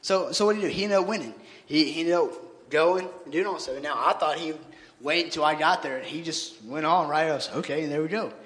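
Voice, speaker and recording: A man's voice: a little high, quick pace, a bit bright. A man giving an earnest, informal sermon in place of his pastor, talking conversationally and often restarting his words. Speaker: lay church member preaching in the pastor's place. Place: church sanctuary. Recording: long church-hall reverb.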